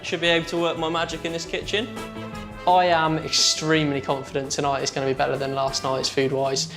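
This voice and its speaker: A man's voice: a little high, completely flat delivery, a little fast, over music. A man talking to camera about hosting a dinner party, boastful and cocky. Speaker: dinner party host, logistics manager. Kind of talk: casual confident talk to camera.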